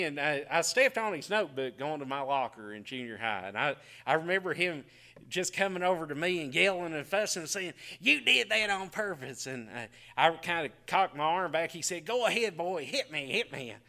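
Preacher guy, middle-aged, high bright voice, folksy storytelling, chuckles a lot. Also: normal speed. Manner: folksy storytelling, chuckles often, drops to quiet asides. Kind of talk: folksy sermon.

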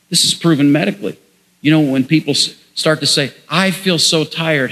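A man's voice: mid-range voice, a bit bright, big-room sound. A man preaching a sermon as pastor, leading the congregation in call-and-response.

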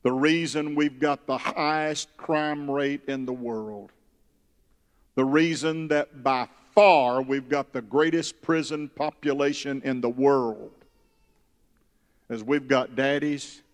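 A man preaching a sermon, reading scripture and breaking into loud emphatic bursts. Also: mid-range voice. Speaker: pastor. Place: church sanctuary. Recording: long hall reverb.

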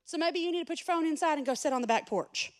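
A woman pastor preaching a sermon in a bright, high voice. She talks to the congregation directly and casually, as if chatting with friends, and drops in humorous asides between her points. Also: fast.

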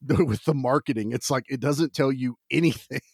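Laughing, animated podcast host man. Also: medium pitch, measured pace, vocal fry, husky, no room sound, clean studio sound. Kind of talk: casual movie chat.

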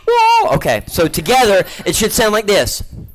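A man runs a comic stage act, joking and coaxing his volunteers and the crowd. His voice sits a little high for a man, and it carries across a large stage in front of a live audience. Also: huge pitch swings, moderate pace, background noise. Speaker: gospel magician.

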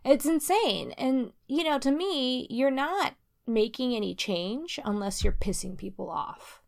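A woman's voice: high voice, animated, unhurried, gravelly. A young woman co-hosting a podcast, chatting casually and rambling with fillers, laughing often. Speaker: podcast co-host. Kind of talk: casual chat.

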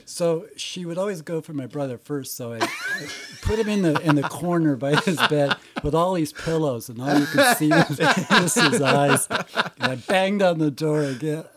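A man's voice: fairly high pitch, expressive, moderate pace, a bit bright. An older man telling family stories in casual conversation, laughing often and using many fillers. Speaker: interviewee. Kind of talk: casual storytelling.

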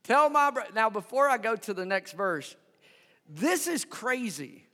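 A male pastor preaching a sermon in an animated, conversational way, often asking the congregation questions. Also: high-pitched, measured pace, big-room sound. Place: church sanctuary.

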